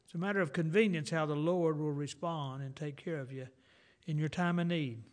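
Folksy man preaching a sermon. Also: on the high side. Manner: folksy, conversational preaching with personal anecdotes; reads scripture slowly and emphatically.

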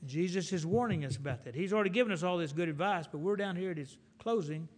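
A middle-aged man preaching a folksy sermon in an animated, storytelling way. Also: high voice, quick pace.

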